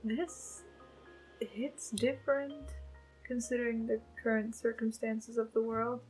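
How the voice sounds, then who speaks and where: A woman book vlogger reacting aloud as she reads, emotional and gushing, thinking out loud. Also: on the high side, flat delivery, slow pace, soft background music, rough recording. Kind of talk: casual book readalong reactions.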